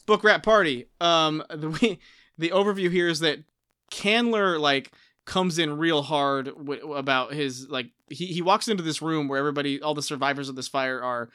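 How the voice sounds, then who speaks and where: A man's voice: on the high side, normal speed, clean tone, dry recording, studio quality. A man co-hosting a casual book podcast, recapping chapters and acting out characters with playful voices. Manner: animated, acts out characters in funny voices, laughs often. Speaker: podcast co-host.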